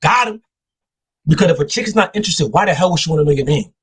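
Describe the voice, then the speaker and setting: A man's voice: on the high side, animated, rapid-fire, a little hiss or hum. A man hosting a live talk show, giving casual dating advice and acting out quoted voices as he tells stories. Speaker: show host.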